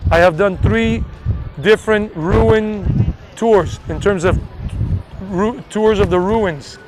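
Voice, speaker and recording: A man's voice: high voice, slow, noisy background. A man in his forties with a mixed Southern and New York American accent, chatting casually and rambling on a live travel stream from outdoors near a beach. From United States. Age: 40s. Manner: chatty, rambling, self-promoting. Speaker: travel vlogger.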